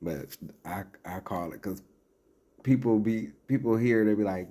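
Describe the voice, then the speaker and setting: A man's voice: lowish voice, lively intonation, measured pace, darkish tone, slightly rough. A man giving casual commentary as he reads out a list, breaking off into sarcastic asides and chuckles.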